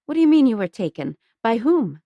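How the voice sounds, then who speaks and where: A woman's voice: on the high side, very animated, a little fast, creaky, no echo, phone-quality sound. A woman narrator voicing an anxious young orphan woman with an urgent, breathless manner. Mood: agitated.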